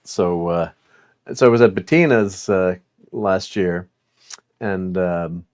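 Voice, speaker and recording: Middle-aged male toy collector, slightly low voice, loose rambling delivery full of "uh"s and chuckles; portable mic. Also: slow pace, a little mellow. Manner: rambling, many fillers, chuckling. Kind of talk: casual unboxing chat.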